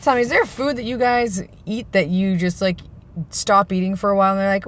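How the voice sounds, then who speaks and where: A man's voice: high voice, fairly even intonation, fairly quick, fairly bright tone. Male vlogger, loose rambling chat, dry sarcastic humor. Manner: rambling, self-described sarcastic joker. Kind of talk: casual vlog monologue.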